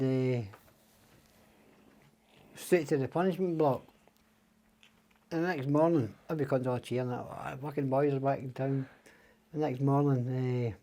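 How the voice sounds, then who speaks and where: A man's voice: medium pitch, warm tone. An older Scottish man, a podcast guest, telling stories in casual chat. He swears freely and acts out the voices of the people he quotes. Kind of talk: casual storytelling.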